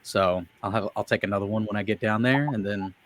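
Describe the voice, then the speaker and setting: A man co-hosting a sports podcast, talking in a rambling, halting way. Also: on the low side, steady tone, a bit bright. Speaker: co-host. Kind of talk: casual sports chat.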